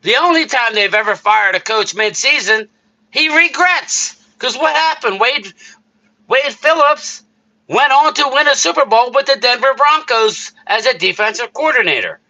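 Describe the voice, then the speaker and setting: A man's voice: very high voice, animated, normal speed, sharp tone. A man hosting a casual live stream about sports, ranting in a heated, worked-up way and answering chat messages. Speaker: streamer host reading chat.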